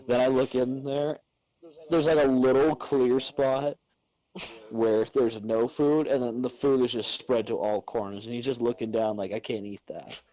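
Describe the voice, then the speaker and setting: Young male podcast co-host, mellow tone, profane, playful storyteller. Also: mid-range voice, fairly even intonation, unhurried, poor audio. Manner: swears a lot, acts out pets in silly voices. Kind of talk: casual chat.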